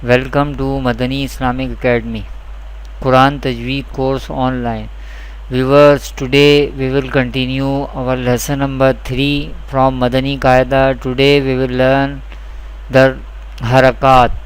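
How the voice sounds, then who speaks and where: A man teaching a beginner's Quran reading lesson, repeating each rule slowly and carefully, with a South Asian English accent. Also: mid-range voice, little pitch movement, smooth, rough recording. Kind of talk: slow instructional lesson.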